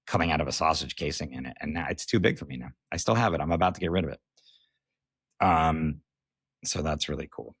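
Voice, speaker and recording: A man's voice: very deep voice, fairly bright tone, no echo, clean studio sound. An American man and comedian hosting a solo podcast, talking candidly in a rambling, self-mocking way. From United States. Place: recording while on tour away from home.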